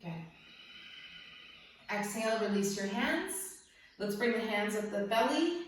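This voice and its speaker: A woman's voice: medium pitch, expressive, measured pace, a little hiss or hum. Upbeat woman yoga teacher in an echoey room. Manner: gentle, upbeat cueing with frequent laughs. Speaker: yoga instructor. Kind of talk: guided yoga class. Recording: very echoey room, mic far off.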